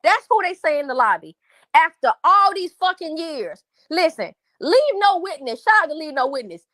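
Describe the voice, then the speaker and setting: A woman's voice: extremely high pitch, sing-song, moderate pace, a bit bright, no room sound, clean studio sound. A woman hosting a livestream, venting angrily to her viewers in a profane, repetitive rant. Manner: angry, profane, repetitive, addresses chat as y'all. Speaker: livestream host.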